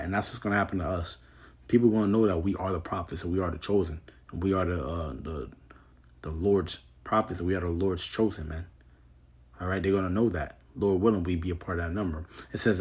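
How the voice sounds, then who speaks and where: A man teaching from the Bible, reading scripture slowly and then explaining it in loose, casual slang. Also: low-pitched, slightly rough. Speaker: preacher.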